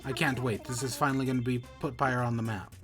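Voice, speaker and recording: A man's voice: mid-range voice, little pitch movement, quick pace, soft background music, natural voice. A man voicing a male hamster villager from a video game, with a put-on Russian accent and a showy, welcoming manner. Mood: boastful. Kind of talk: reading game dialogue aloud.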